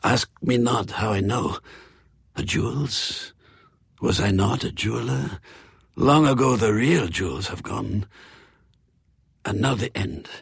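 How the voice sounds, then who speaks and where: A man voicing a proud, world-weary middle-aged French croupier who tells his past in a slow, intense confession. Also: fairly low pitch, vocal fry, breathy edge, no room sound, exaggerated voice. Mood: bitter.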